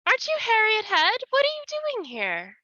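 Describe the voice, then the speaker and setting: A woman voicing a startled young woman on a ship, calling out shrill and urgent. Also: huge pitch swings, moderate pace, pushed and bright, dry recording, full character voice. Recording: dull lo-fi recording.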